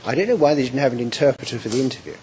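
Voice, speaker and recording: A man's voice: medium pitch, expressive, very fast, a little mellow, a little hiss or hum, low-quality recording. A man arguing as defence counsel in a courtroom, formal and hesitant, with frequent restarts. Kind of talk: courtroom argument.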